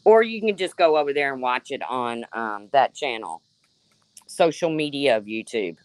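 A woman's voice: rumbling low, animated, normal speed, dry recording. A woman hosting a livestream, sarcastically calling out a rival and answering her chat by name. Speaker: livestream host. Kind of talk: confrontational livestream rant.

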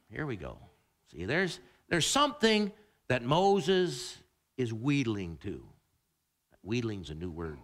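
A middle-aged male pastor preaching a sermon, animated and repeating words as he builds his point. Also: on the high side.

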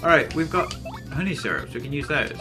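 A man's voice: fairly high pitch, lively intonation, a little fast, music in the background. A young man giving casual let's-play commentary, rambling and swearing freely. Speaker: gameplay commentator.

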